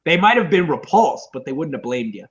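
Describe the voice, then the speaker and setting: A man co-hosts a casual movie podcast, riffing on films with lots of laughter, swearing, and mocking quoted voices. His animated voice is fairly high, fairly quick, and breathy-edged, and the audio sounds dull.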